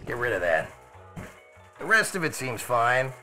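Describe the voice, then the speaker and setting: A man's voice: mid-range voice, very animated, a little slow, pushed and bright, poor audio. A man streaming live as a mild, rambling Italian TV detective while he cooks chili, muttering asides to himself over faint music. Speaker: streamer cooking chili in character. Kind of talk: live cooking stream, in character.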